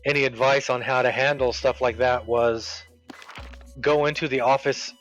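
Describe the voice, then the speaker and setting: A man's voice: medium pitch, normal speed. Chatty man telling a story. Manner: chatty, animated when quoting people. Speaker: streamer. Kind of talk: casual storytelling while gaming. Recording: dull lo-fi with game music.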